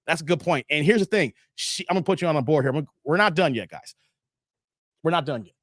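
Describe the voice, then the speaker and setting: A man's voice: on the high side, animated, fast, a bit bright, dry recording, studio quality. A middle-aged man hosting a live stream, chatting casually with his viewers and reading their comments aloud. He laughs often, repeats his phrases, and his voice is tired from hours of streaming.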